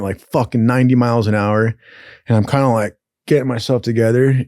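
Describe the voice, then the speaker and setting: A man's voice: medium pitch, no echo. Profane storytelling young man, dry close mic. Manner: profane, animated, acts out other people's lines. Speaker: podcast host. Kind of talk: casual storytelling.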